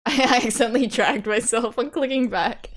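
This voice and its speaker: A young woman streamer reading a visual novel aloud, breaking off into chatty, swearing asides and frequent laughs. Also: a little high.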